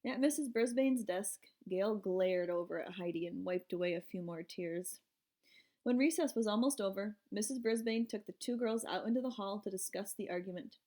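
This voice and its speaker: A woman's voice: mid-range voice, normal speed, warm tone. A woman reading a children's storybook aloud, narrating expressively in first person. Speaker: audiobook reader.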